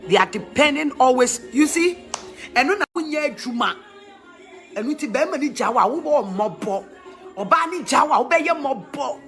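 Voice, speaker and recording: A middle-aged woman with a Ghanaian accent giving emphatic, preachy advice in animated talk, laughing often. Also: a little high.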